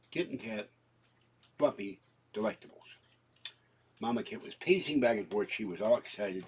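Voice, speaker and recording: A man's voice: on the low side, a little hiss or hum, rough recording. An older man with a cough, chatting casually and rambling through his shopping haul at home, with fillers and frequent coughing fits.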